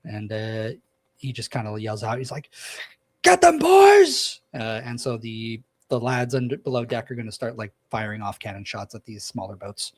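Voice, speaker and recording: Game master, man, mid-pitched, halting and descriptive, close dry mic. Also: little pitch movement, no echo. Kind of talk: narrating a tabletop game.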